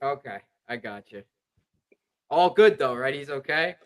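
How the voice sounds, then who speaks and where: A young podcast host tells a rambling sports story in casual chat, using lots of fillers. His medium-pitched voice is animated but unhurried.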